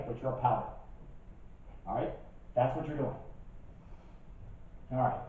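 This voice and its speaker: Older preacher in an echoey church. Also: male voice, a little high. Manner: animated storytelling with asides to the congregation. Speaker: pastor. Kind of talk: sermon. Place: church sanctuary. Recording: distant, dull church recording with heavy echo.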